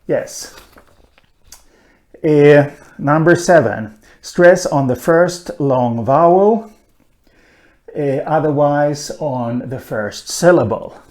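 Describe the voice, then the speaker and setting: A man giving a linguistics lecture, talking slowly with many "uh" fillers and an occasional dry aside. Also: on the high side, darkish tone. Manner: slow, hesitant, frequent "uh" fillers, dry asides. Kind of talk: recorded online lecture.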